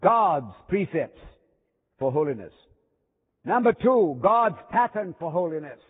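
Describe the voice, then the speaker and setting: A man preaching a sermon in a chapel, emphatic, with dramatic pauses and sudden drops to a hush. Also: fairly high pitch, sing-song, breathy edge. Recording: thin phone-like sound with long hall reverb.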